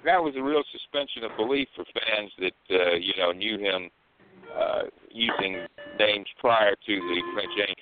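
A man co-hosting a casual chat show, asking halting questions with many pauses. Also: on the low side, noisy background. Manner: halting, lots of uh fillers. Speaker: co-host. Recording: tinny phone line.

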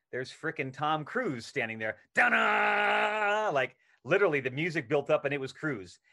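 A middle-aged male actor, a podcast guest, telling a story in casual conversation and acting out the lines he quotes. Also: medium pitch. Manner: animated anecdote telling, acts out quoted lines.

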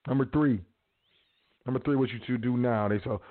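A man's voice: medium pitch, moderate pace, pauses often. A man hosting a show, talking in a rambling, slangy, casual advice monologue. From South Side of Chicago. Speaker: host. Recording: phone-like narrow sound.

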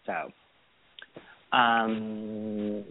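This Boston podcast co-host speaks very slowly in a creaky, low voice with big pitch swings. He chats about his weekend, quoting people in put-on voices, over dry phone-line audio with no room sound.

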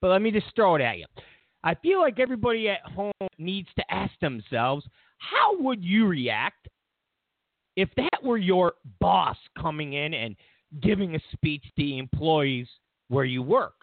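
Sarcastic guy ranting on his show, high lively voice, gravelly edges, sounds like a phone line. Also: a little slow, no echo. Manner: sarcastic, animated, mocking. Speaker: show host. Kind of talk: casual political commentary rant. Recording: tinny phone-like line, dry.

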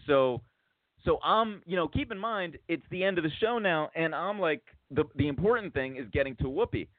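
A man's voice: on the high side, expressive, moderate pace, no echo. A man hosting a podcast, telling a long story in a casual, rambling way, with many restarts. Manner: rambling, lots of restarts, acts out quotes. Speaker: podcast host. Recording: tinny phone-like dry sound.

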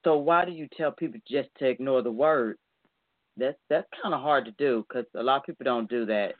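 A man's voice: medium pitch, brisk, no echo. A man with a mid-range voice asks curious, conversational questions, sometimes stammering as he begins. The audio is dry and thin, as if it were coming over a telephone. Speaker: interviewer, host. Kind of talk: interview questions. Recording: dry phone-like line.

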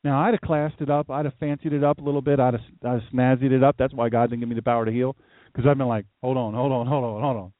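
A man preaching a casual sermon as a pastor, telling stories in an animated way and acting out voices, often jumping high for emphasis. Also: quick pace, no echo. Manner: animated storytelling, acts out voices, jumps to high pitch for emphasis. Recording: tinny phone-like dry sound.

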